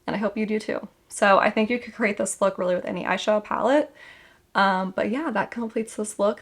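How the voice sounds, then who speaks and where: A young woman vlogger chatting casually through a makeup tutorial, rambling and correcting herself as she goes. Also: medium pitch.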